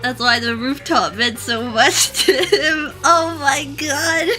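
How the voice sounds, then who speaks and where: A woman's voice: high-pitched, steady tone, slow, pushed and bright, faint music behind. A woman streaming a game, gushing and laughing through tears as she reacts. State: crying. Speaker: let's play streamer. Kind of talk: emotional gameplay reaction.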